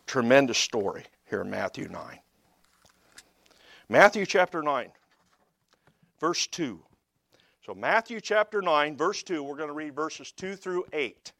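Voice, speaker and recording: High-voiced preacher, dry and close. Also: male voice, lively intonation, a little slow, creaky, pauses often, dry recording. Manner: builds from quiet storytelling to loud emphatic preaching. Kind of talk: sermon.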